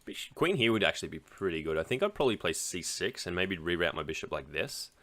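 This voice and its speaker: A man with a deep voice narrates his own chess game in a loose, casual way, reasoning aloud through each move. His tone is bright and forceful, and he drops chatty asides to his viewers as he plays. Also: big pitch swings, quick pace. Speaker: chess streamer. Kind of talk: casual live game commentary.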